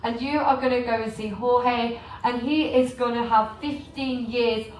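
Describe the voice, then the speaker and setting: Chatty English woman pitching to a crowd. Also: fairly even intonation, unhurried, reverberant, recorded from a distance, a little hiss or hum, poor audio. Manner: chatty, joking, asks the crowd questions. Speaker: cruise port shopping presenter. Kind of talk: live sales talk to an audience. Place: large room on a cruise ship.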